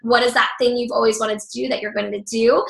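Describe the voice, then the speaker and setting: A woman's voice: fairly high pitch, little pitch movement, fast talker, creaky, fairly bright tone. A woman leading an online training call for her group, upbeat and encouraging with loose fillers, her voice a little worn. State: slightly losing her voice. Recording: echoey room.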